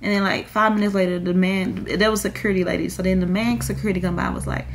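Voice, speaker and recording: A woman's voice: mid-range voice, fairly even intonation, fast, hardly any pauses. Tearful young woman in a rambling vlog. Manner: tearful, rambling, many "like" fillers. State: crying. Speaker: vlogger. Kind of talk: emotional confessional vlog.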